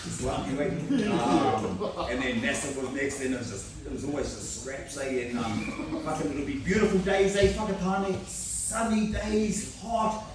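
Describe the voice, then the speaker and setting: A man's voice: mid-range voice, normal speed, hardly any pauses, crowd noise. Swearing New Zealand man, echoey and distant. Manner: swears often, laughs a lot, many fillers. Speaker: jiu-jitsu training partner giving a speech. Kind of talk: casual spoken storytelling. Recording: echoey room, distant mic, background noise.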